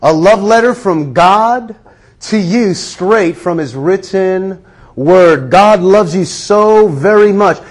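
A man's voice: high-pitched, animated, takes it slowly. A man preaching a sermon to a congregation, stretching out key phrases and building to emphatic calls. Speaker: pastor.

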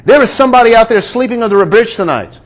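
Emphatic high-voiced male preacher. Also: animated, fast talker, poor audio. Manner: emphatic, repeats key lines, calls for amens. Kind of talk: sermon.

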